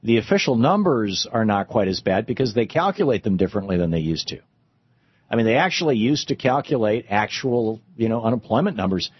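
Middle-aged guy rambling on his radio show, husky low voice, dry dull audio. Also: big pitch swings, fairly quick. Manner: rambling, with frequent restarts and fillers. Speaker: radio host. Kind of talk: talk radio monologue.

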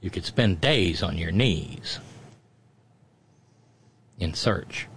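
A man's voice: deep voice, lively intonation, extremely slow, slight background noise. A man hosting a live talk show. He reads listener comments and jokes wryly between them, with fillers and asides. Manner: wry and joking, with fillers and asides. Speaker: radio talk show host.

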